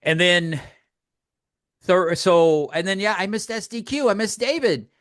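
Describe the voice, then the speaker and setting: An older man with a fairly high speaking voice tells stories in casual podcast chat. He acts out other people's lines with lively jumps in tone. The sound is dry and close. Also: measured pace, no echo. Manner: animated storyteller, acts out quotes. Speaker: podcast co-host.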